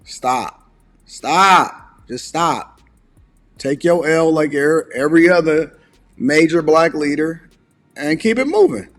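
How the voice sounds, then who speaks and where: A man with a somewhat high voice co-hosts a casual reaction podcast. He mocks and teases in loose slang, talking it over with a friend. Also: animated, unhurried, pauses often, faint music behind. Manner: mocking, slangy, teasing. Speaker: podcast co-host.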